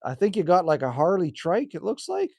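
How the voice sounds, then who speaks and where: A man's voice: high-pitched, very animated, brisk, creaky, dark tone, slightly rough, dry recording, clean studio sound. A man chatting casually on a live stream outdoors, reading out viewer comments and answering them in a laid-back, rambling way. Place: outdoors by a cabin in the cold.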